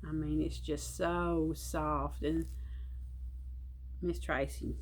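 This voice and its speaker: A woman's voice: deep voice, steady tone. A woman, chatting casually while opening gifts on her crochet vlog, emotional and folksy in her speech. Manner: warm, emotional, slow and drawling with folksy grammar. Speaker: crochet vlogger. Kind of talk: casual unboxing chat.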